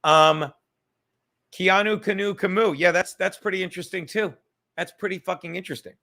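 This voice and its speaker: A fairly high-pitched man with a bright, tense edge to his voice, hosting a casual livestream from home. He rambles loosely and swears freely, joking as he goes. The talk feels offhand and unscripted. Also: fairly even intonation, moderate pace, creaky. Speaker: comedian and livestream podcast host. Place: at home in a cluttered room.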